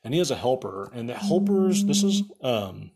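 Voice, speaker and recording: A man's voice: medium pitch, very animated, moderate pace, gravelly, a little mellow, slightly rough. A young man host telling rambling stories in a casual podcast chat, saying "like" a lot and laughing at his own jokes. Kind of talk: casual storytelling rant.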